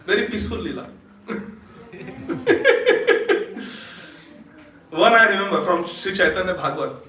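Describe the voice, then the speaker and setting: A man giving a lively storytelling sermon at a temple feast, laughing often and quizzing his audience. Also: sits high, slow pace. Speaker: speaker at a temple Sunday feast. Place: temple hall. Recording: echoey hall, distant mic.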